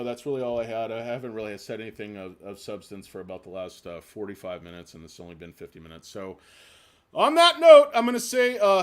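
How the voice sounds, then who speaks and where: A middle-aged man hosting a stock livestream, rambling and ranting with self-deprecating jokes. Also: medium pitch. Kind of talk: casual rambling livestream chat.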